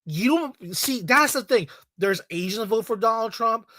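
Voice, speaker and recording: A fired-up video creator from the Latino community in the United States delivers an angry, profane, repetitive rant directly to the audience. His voice is expressive and sharp at a middling pitch and moderate pace. The sound is dry and close-up, with almost no room around it and no echo.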